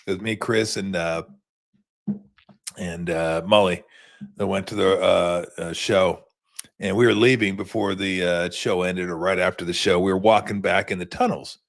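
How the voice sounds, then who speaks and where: A man's voice: sits low, fairly even intonation, moderate pace, creaky. A man in his fifties hosting a sports show, telling rambling stories in a laid-back, casual postgame chat.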